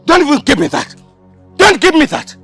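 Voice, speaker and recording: A man's voice: very high-pitched, big pitch swings, normal speed, gravelly, full character voice. A man playing a furious betrayed Nigerian friend. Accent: Nigerian English. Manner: angry, accusing, shouting. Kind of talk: Nollywood film acting. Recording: film audio with background music.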